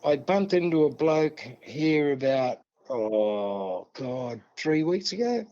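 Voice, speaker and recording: Older aussie bloke yarning away, lots of mate and see, bit high, muffled audio. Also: male voice, expressive, slow pace, warm tone. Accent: Australian. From New South Wales, Australia. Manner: yarning, acts out dialogue, many "see?" and "mate". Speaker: guest elder. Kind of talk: casual storytelling interview. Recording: dull lo-fi sound.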